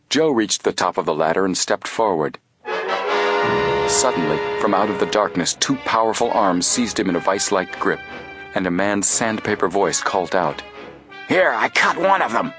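Low-voiced guy reading an adventure audiobook, steady, faint music under it. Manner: steady, measured storytelling. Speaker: audiobook narrator. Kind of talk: scripted narration.

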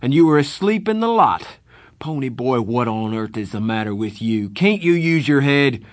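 A man reading an audiobook, voicing a stern, overburdened young man who scolds and shouts in rising anger. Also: mid-range voice, lively intonation, normal speed, no echo, studio quality, voice pushed up, lightly acted. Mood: furious scolding. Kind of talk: audiobook character voice.

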